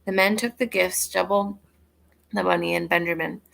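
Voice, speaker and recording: A woman reading a Bible story aloud in a steady, plain reading voice. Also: on the low side, normal speed, vocal fry, rough recording. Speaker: scripture reader.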